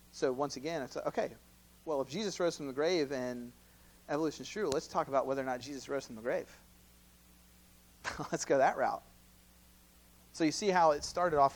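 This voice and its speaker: A man's voice: mid-range voice, vocal fry, low-quality recording. A man, a campus minister, teaching a conversational question-and-answer session at church, laughing often and acting out both sides of sample dialogues. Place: church hall.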